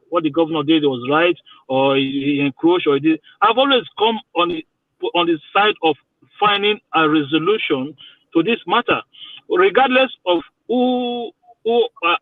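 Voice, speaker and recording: A man's voice: sits high, no echo. A Nigerian man defending himself on a debate panel, stammering into restarts as he talks. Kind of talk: heated debate. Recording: tinny phone line.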